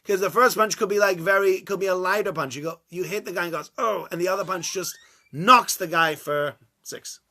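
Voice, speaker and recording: A man teaches an informal Torah class in a small, warm room. His voice is bright and fairly high. He acts out the dialogue and swings from loud bursts to hushed asides. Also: a little fast. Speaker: rabbi giving a Torah class.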